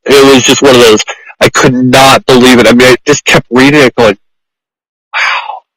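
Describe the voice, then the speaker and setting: A man hosting a podcast, speaking effusively and haltingly with many repeated words. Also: mid-range voice, level tone, fairly bright tone, no echo, low-quality recording. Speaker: podcast host, pet groomer. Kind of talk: conversational interview.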